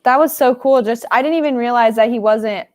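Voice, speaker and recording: A woman chatting casually over a video call during a movie watch-along, bubbly and full of "like" and quick recommendations. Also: fairly high pitch.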